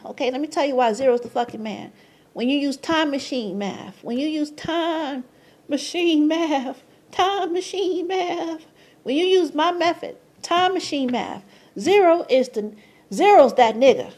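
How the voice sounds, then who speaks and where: A woman explaining a number and letter method in a casual monologue, excitable and slangy, who swears, laughs often and keeps asking "okay?". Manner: rises to high squeals of surprise. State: tired, sleepy at times. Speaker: numerology vlogger.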